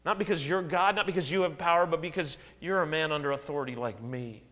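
Animated preaching man in a reverberant hall. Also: fast. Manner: animated preaching with dramatic swings in pitch and volume, acted-out quotes. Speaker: pastor. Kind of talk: sermon.

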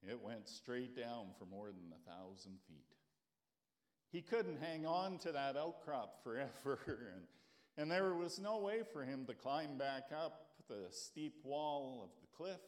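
A man in his sixties preaching a folksy sermon as pastor. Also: unhurried. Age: 60s. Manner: folksy, warm storytelling with lively pitch.

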